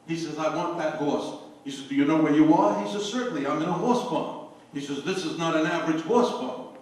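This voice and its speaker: An older man telling jokes to a party crowd, a lively storyteller who hollers his punchlines. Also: a little high, a little fast. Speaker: joke teller at a party. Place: anniversary party. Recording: echoey room, voice from far off, faint noise.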